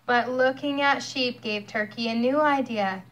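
A young mother reading a picture book aloud to her child, expressive and storytelling. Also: fairly high pitch, measured pace, dull audio.

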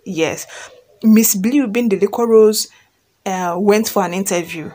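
A woman's voice: medium pitch, unhurried, warm tone. A woman who reads a fan story aloud and then retells it chattily, often checking in with listeners and repeating herself.

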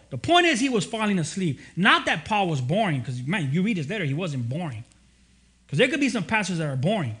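High-voiced pastor, lively casual sermon. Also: male voice. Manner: casual, animated storytelling with slang and restarts.

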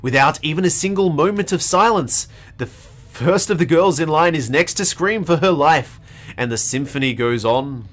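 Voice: medium pitch, expressive, normal speed. A streamer giving a dramatic reading of horror game text, theatrical and prone to acted pleading and screams. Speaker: let's play streamer.

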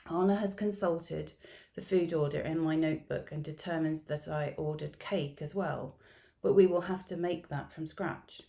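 A middle-aged woman reads her research notes aloud as a story, measured and reflective. Her voice sits low, with a gravelly edge of fry and a dark, mellow tone. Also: fairly even intonation. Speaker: education researcher presenting at a symposium. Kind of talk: reading a field-note narrative aloud.

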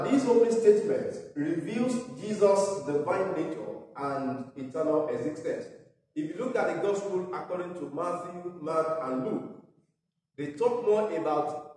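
A man's voice: a little high, a little mellow. A man preaching a sermon as pastor, talking conversationally with fillers and asides. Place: parish church. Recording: echoey church hall from far off.

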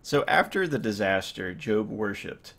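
A man in his thirties preaches in a loose, conversational way, stopping and restarting often. His voice sits low and carries a strong gravelly fry. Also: expressive, a little slow, a bit bright. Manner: rambling, with many fillers and restarts. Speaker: pastor. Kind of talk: informal sermon.

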